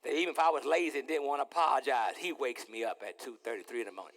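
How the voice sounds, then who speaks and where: Animated pastor with a gravelly voice. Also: male voice, medium pitch, very fast, hardly any pauses, long reverb tail. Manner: animated, playful, repeats words, acts out dialogue. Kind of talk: lively sermon with acted-out scenes. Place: church sanctuary.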